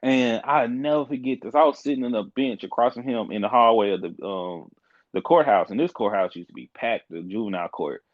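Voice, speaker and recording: A man's voice: mid-range voice, no echo, lo-fi sound. Emphatic young man telling a story. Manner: frank, emphatic, fast restarts. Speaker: podcast guest, court caseworker. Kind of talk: animated casual storytelling.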